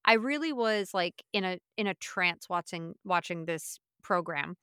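A woman's voice: fairly low pitch, expressive, measured pace, bright, forceful tone, smooth, no room sound, studio quality. A woman co-hosting a podcast, chatting casually and laughing easily. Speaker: podcast co-host. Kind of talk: casual chat.

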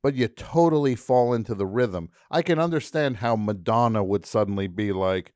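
A man's voice: lowish voice, a little fast, few pauses, darkish tone, no room sound, clean studio sound. A man hosting a radio show, chatting casually and telling a story, breaking into silly put-on voices and accents as he goes. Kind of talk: casual studio chat. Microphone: studio microphone.

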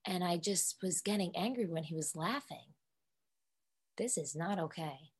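A woman's voice: on the low side, expressive, measured pace, slightly rough. Candid, swearing young woman podcaster. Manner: candid, emotional, swears freely. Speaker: podcast co-host. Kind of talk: casual solo podcast chat.

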